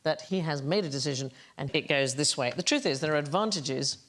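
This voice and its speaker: Brisk woman quiz host, lowish voice. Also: a bit bright. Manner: brisk, instructing. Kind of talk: quiz hosting. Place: TV studio.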